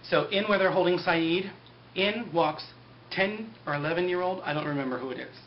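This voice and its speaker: A man's voice: sits high, normal speed. A young man casually recapping a TV episode in a sarcastic, rambling way, full of "like". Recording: muffled lo-fi with faint hiss.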